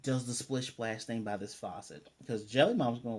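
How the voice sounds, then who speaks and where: A young man casually recapping a cartoon episode, rambling and slipping into quick quoted asides. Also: medium pitch, husky. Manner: rambling, retells scenes with quick voiced asides. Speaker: anime reviewer.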